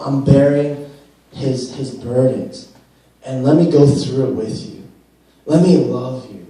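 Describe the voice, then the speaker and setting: A man's voice: on the high side, mellow. A young man, a youth pastor, preaching an earnest sermon full of rhetorical questions and repeated phrases. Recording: very echoey room, distant mic.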